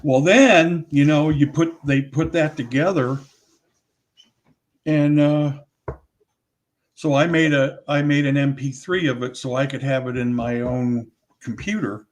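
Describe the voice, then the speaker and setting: A man's voice: a little high, measured pace. An older man talking casually as an interview guest, rambling with many restarts and self-corrections as he recalls his audio work.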